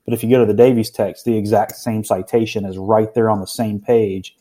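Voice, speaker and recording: A podcast guest, a man with a low, mellow, soft-edged voice. He talks in a measured way and stumbles into restarts when something puzzles him. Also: flat delivery. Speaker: guest, paper co-author. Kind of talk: casual academic discussion.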